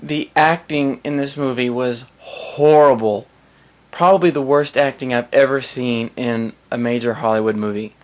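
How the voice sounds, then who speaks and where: A man's voice: medium pitch, normal speed. A man giving a casual spoken film review in a sarcastic, rambling, mocking way.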